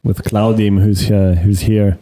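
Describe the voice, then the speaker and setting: Easygoing low-voiced man musing aloud. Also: level tone, a little slow, dark tone. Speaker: podcast co-host. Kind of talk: casual chat. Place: podcast studio set with lights.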